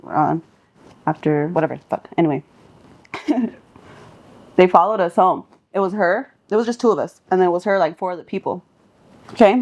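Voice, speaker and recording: With the highs cut off in the recording, a young woman from Southern California, a guest singer on a podcast, speaks in a fairly low voice. She tells street stories casually and profanely, laughing often and animatedly acting out quotes.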